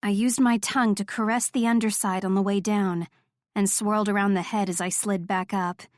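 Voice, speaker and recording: A woman reading a first-person romance audiobook in a soft, intimate, measured voice. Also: mid-range voice, steady tone, no echo, clean studio sound. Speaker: audiobook narrator.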